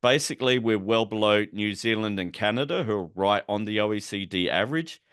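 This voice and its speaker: A man's voice: fairly low pitch, fairly quick, fairly bright tone, clear, resonant tone, no echo. A man giving a conversational policy lecture, explaining terms as he goes, with asides and dry humor. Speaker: policy educator.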